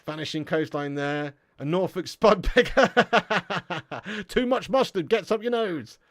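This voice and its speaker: A man's voice: a little high, lively intonation, normal speed, no echo, clean studio sound. A young English man hosting a football live stream, reading chat messages and bantering with viewers in a slangy, swearing, laugh-filled way. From England.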